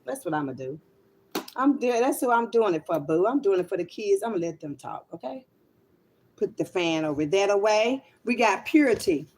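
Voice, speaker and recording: Brisk and expressive, her mid-range voice is a little mellow, with slight background noise. A spiritual reader on a casual livestream, she rambles unscripted to viewers, swearing bluntly and calling them honey and child.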